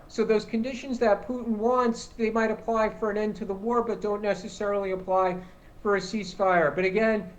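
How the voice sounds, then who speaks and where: A woman guest on a news panel, giving measured, explanatory analysis. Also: mid-range voice. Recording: dull lo-fi remote link.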